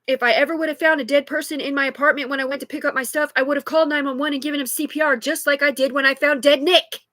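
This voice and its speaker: A high-pitched woman in her thirties rants in a loose, rambling live monologue, swearing constantly. Her voice is close and dry, picked up on a phone. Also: fairly even intonation, racing, bright, forceful tone, no room sound. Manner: agitated, rambling, heavy swearing. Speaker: livestreamer.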